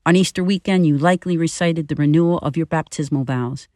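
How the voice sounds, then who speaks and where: A woman in her fifties giving a scripted, earnest and personal spiritual reflection in a measured way. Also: deep voice, a little mellow, no room sound, studio quality. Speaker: podcast reflection speaker.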